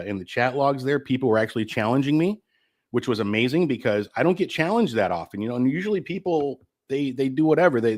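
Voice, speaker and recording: A middle-aged man getting over the flu and short of breath, hosting his own live-streamed talk show in a candid, rambling way and swearing freely. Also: mid-range voice.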